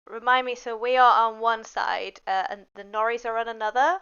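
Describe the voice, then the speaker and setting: A woman's voice: on the high side, steady tone, moderate pace, sharp tone. A woman playing a tabletop game, chatting and asking questions in a giggly way. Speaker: player. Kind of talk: casual tabletop play. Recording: dull lo-fi mic.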